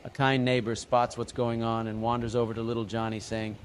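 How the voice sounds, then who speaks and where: A man's voice: mid-range voice, level tone, fairly quick, a little hiss or hum. A man narrating jokes in a scripted, slang-filled storytelling style. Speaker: joke narrator.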